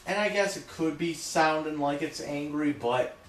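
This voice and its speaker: A man talking loudly in an emphatic, repetitive rant, often checking in with "okay?". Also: a little high, moderate pace, echoey room, slight background noise. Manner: loud, repetitive, emphatic, keeps saying okay. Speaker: vlogger. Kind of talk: ranting monologue to camera.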